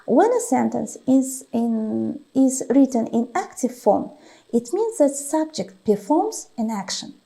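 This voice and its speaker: With a high, lively but gravelly and dark-toned voice, a woman teacher leads an English class at a slow, careful pace. She explains grammar and dictates vocabulary deliberately, lengthening example words and often pausing with "uh."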